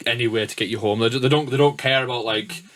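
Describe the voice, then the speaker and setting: A man's voice: medium pitch, fairly even intonation, fast, fairly bright tone. A man with a northern English accent hosting a podcast, telling rambling stories with lots of swearing and restarts. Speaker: podcast host and DJ. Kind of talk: casual podcast chat.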